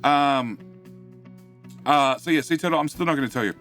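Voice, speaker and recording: A middle-aged Australian man with a light accent, chatting on a game live stream. His voice is bright and a bit high, and he rambles and laughs at himself between fillers. Faint music plays behind him. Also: normal speed. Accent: Australian, though light. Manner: rambling, self-mocking, reads chat aloud; many fillers and restarts. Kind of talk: casual live-stream chat.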